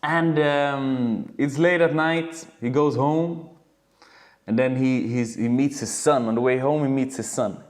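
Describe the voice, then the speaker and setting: A man coaching dancers in a casual webinar, telling stories in an animated way and swearing freely from a home video call. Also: mid-range voice, a little slow.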